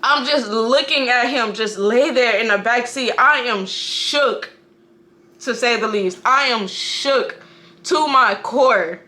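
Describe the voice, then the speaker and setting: A mother speaking to camera about a personal loss, halting and emotional, often restarting her sentences. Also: fairly high pitch, sharp tone. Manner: halting, emotional storytelling with frequent restarts and profanity.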